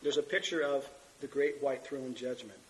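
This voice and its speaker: A man's voice: mid-range voice, steady tone, moderate pace, rough recording. A middle-aged male pastor teaching a sermon with earnest scripture reading while fighting a cold and coughing. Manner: earnest, reads scripture aloud.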